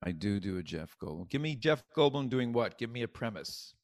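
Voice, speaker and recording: A male comedian chatting as a podcast guest, animated and quick to jump into bits. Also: fairly low pitch. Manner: animated, jumps into bits, restarts. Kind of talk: casual podcast chat.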